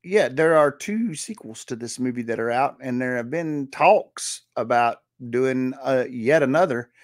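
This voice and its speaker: A man's voice: mid-range voice, expressive, measured pace, dry recording, clean studio sound. A man co-hosting a podcast in casual chat, rambling through memories with many restarts. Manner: rambling, restarts and quotes favorite lines. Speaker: podcast co-host.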